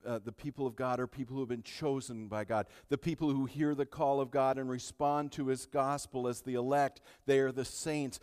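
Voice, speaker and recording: Preaching pastor in a reverberant hall. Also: male voice, mid-range voice, steady tone, moderate pace, hardly any pauses, clear, resonant tone. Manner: builds from quiet storytelling to shouted climaxes. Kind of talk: sermon.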